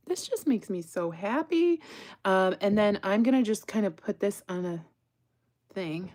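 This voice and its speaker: A woman with a mid-range, slightly mellow voice hosts a jewelry-making livestream at a moderate pace. She chats casually, laughs often, and reads viewer comments aloud, sometimes dropping to a whisper while she works.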